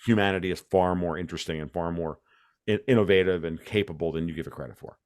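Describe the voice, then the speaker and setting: A man's voice: low voice, steady tone, quick pace, darkish tone, clear, resonant tone, no room sound, studio quality. A man giving his views as an interview guest, ranting emphatically and restarting his sentences often. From United States. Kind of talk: animated conversational interview.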